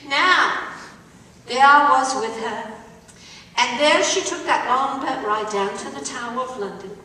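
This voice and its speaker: A woman's voice: sits high, unhurried, pushed and bright. A woman storyteller performing a dramatic tale for a live audience, drawing out lines and quizzing her listeners. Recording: echoey hall recorded from far off.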